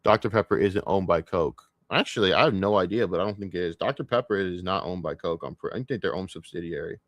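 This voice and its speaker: A man's voice: low voice, fast talker, fairly bright tone, no room sound, studio quality. A man streaming his reaction to a video, scornful and swearing heavily as he rants. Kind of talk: profane ranting commentary.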